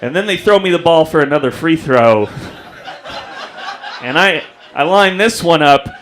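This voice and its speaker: A man's voice: on the high side, lively intonation, moderate pace, fairly bright tone, slight background noise. A young man doing a stand-up comedy set on a club stage, telling self-deprecating stories and acting out the people in them. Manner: self-deprecating storytelling, acts out voices.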